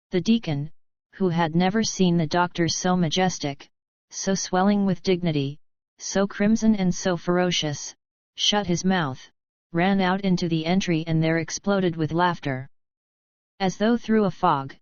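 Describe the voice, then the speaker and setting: A woman narrating an audiobook in a steady, measured reading. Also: lowish voice, smooth, no room sound, muffled recording. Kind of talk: scripted narration.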